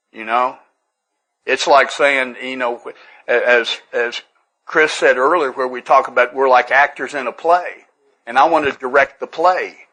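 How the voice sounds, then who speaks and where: A man's voice: mid-range voice, fairly even intonation, normal speed, bright, forceful tone, poor audio. A man with a Tennessee accent, telling earnest, humorous stories to a recovery workshop group. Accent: Southern US, Tennessee. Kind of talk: folksy storytelling talk to a live group.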